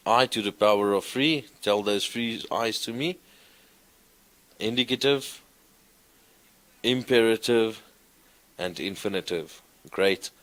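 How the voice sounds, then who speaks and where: A man teaching a class, explaining grammar slowly and reciting verb forms in a sing-song way. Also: on the low side, fairly bright tone. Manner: slow, deliberate, recites conjugations in a sing-song. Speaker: lecturer. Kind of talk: classroom lecture.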